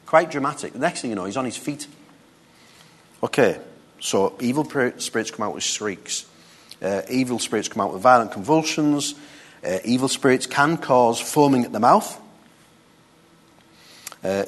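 A man giving a relaxed, conversational Bible teaching, reading a passage and then stopping to comment on it. His voice sits at an ordinary middle pitch. He talks to his listeners with easy asides as he teaches. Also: normal speed, pauses often. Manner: conversational, reads scripture aloud and comments with asides. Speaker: preacher.

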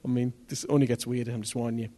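A man preaching a testimony sermon, telling his story in an animated way that rises to near-shouts at the tense moments. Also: medium pitch, racing.

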